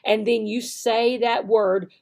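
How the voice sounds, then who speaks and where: A woman's voice: on the high side, steady tone, slow, a little mellow. A woman giving an instructional video lesson for online English teachers, checking in with "okay?" often and demonstrating words in varied voices.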